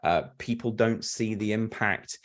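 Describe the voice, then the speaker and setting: A man, a fraud prevention speaker, explaining in an earnest, animated way on a video call, often restarting and repeating words. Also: lowish voice, unhurried. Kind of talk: webinar fireside chat.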